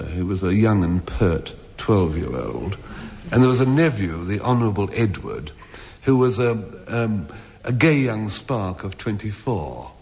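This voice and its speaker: A man's voice: lowish voice, a little mellow. A man on a comedy panel show telling a rambling comic anecdote to a theatre audience, with chuckles and restarts. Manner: rambling, self-interrupting storyteller with chuckles. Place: theatre stage before an audience. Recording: old lo-fi radio broadcast with hall reverb.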